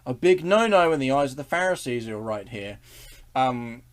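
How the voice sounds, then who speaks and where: A man's voice: medium pitch, expressive, normal speed. A man leading a casual online Bible study, earnest and enthusiastic, chuckling and restarting as he talks.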